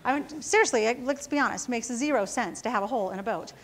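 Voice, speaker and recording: A woman's voice: on the high side, fast talker. A woman who founded a company, giving a casual motivational talk to students, telling self-mocking stories and often checking in with the audience. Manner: casual storytelling, often asking the audience "right?".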